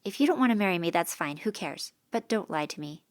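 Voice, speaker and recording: A woman's voice: lowish voice, animated, fast, lightly acted. A woman doing a stubborn, earnest young man. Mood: firm. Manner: firm, earnest.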